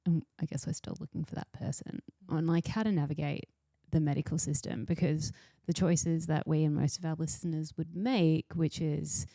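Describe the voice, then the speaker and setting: A woman hosts a podcast in a low, mellow voice with a gravelly edge. She frames her questions in a measured, thoughtful way. The recording is close and dry. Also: steady tone, no echo. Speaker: podcast host. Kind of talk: casual interview chat.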